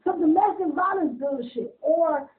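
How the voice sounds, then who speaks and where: A woman telling casual stories in an interview, animated, laughing often, swearing freely and acting out other people's lines in quick bursts. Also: extremely high pitch. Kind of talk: casual storytelling. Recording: tinny phone-like audio.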